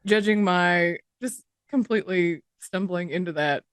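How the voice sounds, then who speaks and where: A woman's voice: fairly low pitch, unhurried, clear, resonant tone, dry recording, studio quality. A woman co-hosting a podcast, telling a rambling funny story and giggling as she quotes others. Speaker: podcast co-host.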